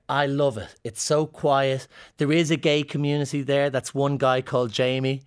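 A man's voice: mid-range voice, normal speed, few pauses, clear, resonant tone. A man with an Irish accent chatting in an interview, telling playful, joking anecdotes as a comedian guest. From Ireland. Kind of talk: casual interview chat.

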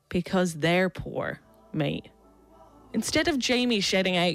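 A woman's voice: medium pitch, big pitch swings, normal speed, faint music behind. A young woman with a South Dublin Irish accent, delivering a wry, sardonic scripted radio essay. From Ireland.

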